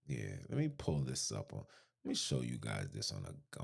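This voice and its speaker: A man preaches through scripture on his podcast. His pitch climbs and drops all the time. He repeats key lines emphatically and keeps throwing questions at his listeners. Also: wildly swooping pitch, normal speed, creaky, slightly rough. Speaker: podcast host. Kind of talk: preaching-style scripture commentary.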